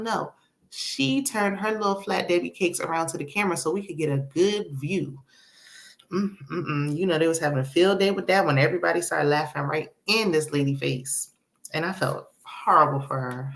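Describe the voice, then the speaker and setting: A woman's voice: fairly low pitch, brisk. A woman hosting a casual reality TV recap, sassy and chatty, tossing in "child" and "honey" and laughing between remarks.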